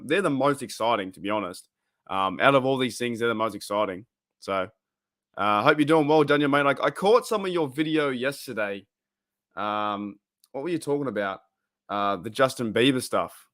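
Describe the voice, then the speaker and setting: A man's voice: medium pitch, a bit bright. Chatty Australian guy rambling on a livestream. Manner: rambling, reads chat aloud, loose and chatty. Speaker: livestream host. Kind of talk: casual livestream chat.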